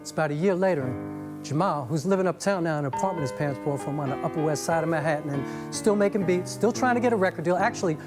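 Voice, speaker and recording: A man's voice: a little high, fast, over music. A man narrating a spoken-word monologue in a casual, streetwise way. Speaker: narrator and solo performer.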